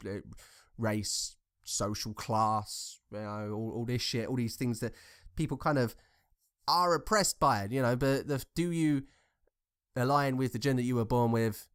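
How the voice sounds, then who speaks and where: A man's voice: fairly low pitch, measured pace, clean tone. A man giving casual, rambling commentary, telling anecdotes in a blunt, profane, conversational way. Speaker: commentary vlogger.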